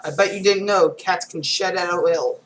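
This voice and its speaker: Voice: mid-range voice, fairly even intonation, normal speed, slight background noise, low-quality recording. A reader going through comic strips aloud, reading every panel and sound effect, with casual asides.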